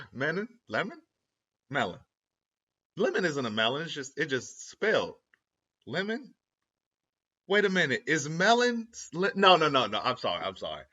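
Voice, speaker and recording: Animated young man rambling, lo-fi. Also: on the high side, moderate pace. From Ohio, USA. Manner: animated, self-interrupting, slangy, laughs at his own jokes. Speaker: vlogger. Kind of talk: rambling casual monologue. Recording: lo-fi dull audio.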